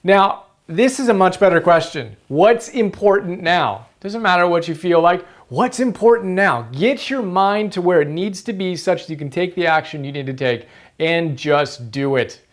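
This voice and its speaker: A man's voice: sits high, normal speed. A man hosting a motivational book-summary video, earnest and emphatic, repeating key phrases for stress.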